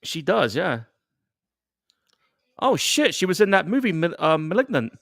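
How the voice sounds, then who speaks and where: A man's voice: sits high, very animated, unhurried, creaky, fairly bright tone, no echo, clean studio sound. A man from England, co-hosting casual live movie commentary, laid-back, chuckling and swearing casually. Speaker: co-host.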